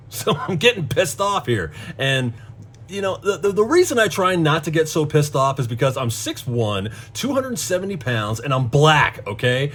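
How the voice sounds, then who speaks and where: A middle-aged vlogger with a voice on the high side tells a story in a casual, profane, exasperated rant. He speaks at a moderate pace and animates the tale with voiced quotes.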